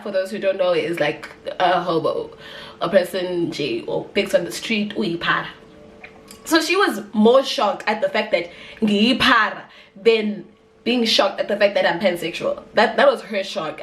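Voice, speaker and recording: A young South African woman telling a story in a casual, animated vlog, chatty and full of fillers. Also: medium pitch, normal speed, distant mic, a little hiss or hum. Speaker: vlogger. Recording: roomy echo, off-mic.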